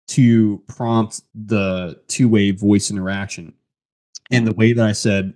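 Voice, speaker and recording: A man with a somewhat low voice hosts a casual tech podcast. He talks conversationally, with a few restarts. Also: fairly even intonation, a little slow, a little mellow. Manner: conversational, reads a post aloud, frequent restarts. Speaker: podcast host.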